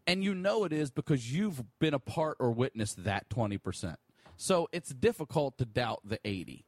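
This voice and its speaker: A man guest on a podcast, telling a long story in a casual, profane, animated way. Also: mid-range voice, moderate pace, no echo. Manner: profane, animated storyteller who laughs often.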